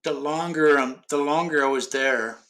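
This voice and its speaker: A man's voice: fairly high pitch, steady tone, normal speed, a bit bright. A middle-aged man from Ohio in casual chat, rambling with many restarts and fillers and casual swearing. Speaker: podcast host.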